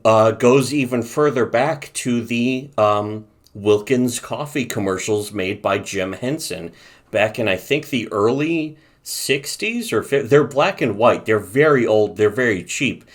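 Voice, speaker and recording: A man's voice: medium pitch, lively intonation, unhurried. A man co-hosting a casual commentary podcast, ranting profanely and reading from his notes. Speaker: podcast co-host.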